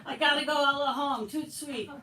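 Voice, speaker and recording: A woman's voice: sits high, fairly even intonation, normal speed, crowd noise, voice pushed up, close to an everyday voice. Woman reading as a whiny teenage class clown. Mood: whiny joking. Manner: wheedling, complaining. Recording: echoey room from far off.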